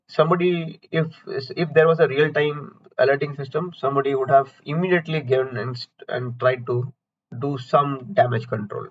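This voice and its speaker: A man with a mid-range voice, heard through dull audio, instructs a recorded certification lecture. He's chatty, asking and answering his own questions and using homely analogies.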